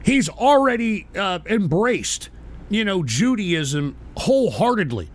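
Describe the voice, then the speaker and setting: A male radio host ranting live at trolls in his chat, swearing and yelling, then sighing to calm himself. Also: high-pitched, slow. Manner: swings between fury and sighing calm. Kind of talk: live call-in style radio rant.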